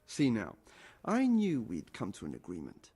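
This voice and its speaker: A man's voice: on the low side, wildly swooping pitch, moderate pace, warm tone, husky, full character voice. An actor playing a shrewd male merchant in a video game, haggling in a sly, bargaining way.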